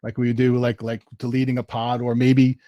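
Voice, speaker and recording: A man giving a casual live software demo at a tech meetup, thinking aloud as he types commands. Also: mid-range voice, monotone, normal speed, no room sound, highs cut off.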